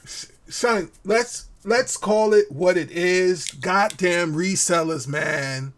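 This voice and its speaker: A man's voice: high-pitched, slow. A man co-hosting a podcast in casual chat, hyped and stammering, swearing often. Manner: hyped, stammering, swears and says "son" a lot. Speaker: podcast co-host.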